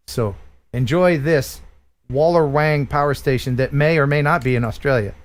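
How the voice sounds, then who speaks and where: A man's voice: mid-range voice, moderate pace. A man from the USA hosting a casual live stream chat, joking and restarting his sentences. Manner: chatty, joking, prone to restarts. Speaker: live stream show host.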